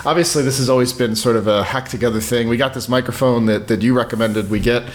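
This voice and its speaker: Fast-talking man on a podcast. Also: mid-range voice. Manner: fast, chatty, many restarts. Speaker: podcast co-host. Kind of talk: casual chat.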